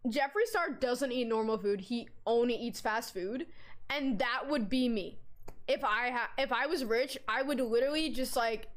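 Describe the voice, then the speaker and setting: A young woman with a somewhat high voice talks straight to her stream from a home setup. Her chat is loose and rambling. She gets excitable, giggles often and swears casually. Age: young adult. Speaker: livestreamer.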